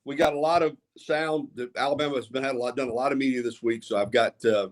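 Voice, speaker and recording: A man's voice: mid-range voice, fairly even intonation, quick pace. A man who hosts his own sports radio show, giving opinions on a panel, hedging and restarting his sentences as he goes. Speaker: guest sports radio host. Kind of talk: casual panel discussion.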